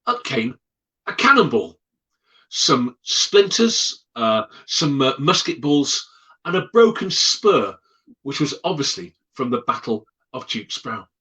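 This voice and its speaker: A man telling ghost stories as a guest, dramatic and animated, acting out the voices. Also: medium pitch, slow pace, poor audio. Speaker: storyteller guest. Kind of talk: spoken ghost storytelling.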